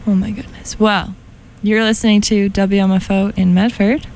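A young woman hosts a college radio show from the studio, her voice a little worn and hoarse. She talks in a chatty, giggly way and pokes fun at herself, with a faint hiss in the background. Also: medium pitch, little pitch movement, moderate pace, a little mellow. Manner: chatty, giggly, self-deprecating. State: losing her voice. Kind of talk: casual chat. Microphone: studio microphone.

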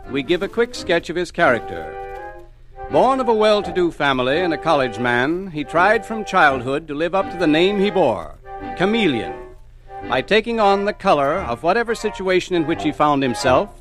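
Dramatic old-time radio announcer. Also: male voice, sits high. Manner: formal, declamatory. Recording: old radio broadcast with music.

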